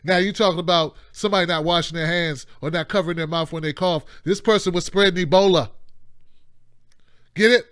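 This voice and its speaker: A man's voice: high voice, fairly even intonation, brisk, a bit bright, clear, resonant tone, no echo, clean studio sound. A man hosting a live call-in show, delivering impassioned political commentary in a rambling, emphatic way with mocking asides.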